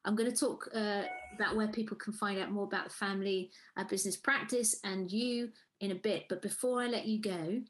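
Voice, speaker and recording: A woman's voice: medium pitch, steady tone, brisk, hardly any pauses, slight background noise, poor audio. A woman hosting an interview, who thanks her guest and asks him her standard questions with short affirmations. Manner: asks questions in set routine, brief affirmations. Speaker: podcast host. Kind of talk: interview host.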